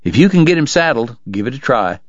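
A man's voice: medium pitch, very animated, brisk, no echo, highs cut off, natural voice. A man voicing a terse, weary frontier lawman who talks bluntly. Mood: resigned.

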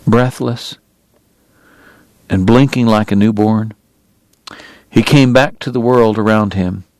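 A man's voice: lowish voice, fairly even intonation, slow, darkish tone. A man narrating an audiobook in a lyrical, dramatic style that builds in intensity.

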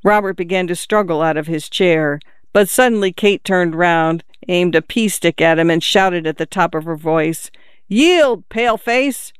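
An audiobook narrator reading a literary novel in a measured, even storytelling manner. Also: mid-range voice, clear, resonant tone, no room sound, studio quality.

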